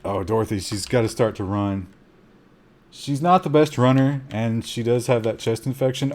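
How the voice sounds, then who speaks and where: A man streaming a survival game, giving live commentary with excitable gasps between calm asides and talking to his chat. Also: medium pitch, moderate pace. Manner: talks to chat.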